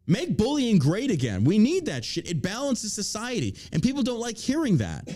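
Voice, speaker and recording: A man hosting an opinion podcast, his voice sitting a little high and swinging widely as he rants. He swears freely and mocks his targets by imitating them. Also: huge pitch swings, normal speed, a little mellow. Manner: profane, heated ranting; mocking put-on quotes. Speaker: podcast host.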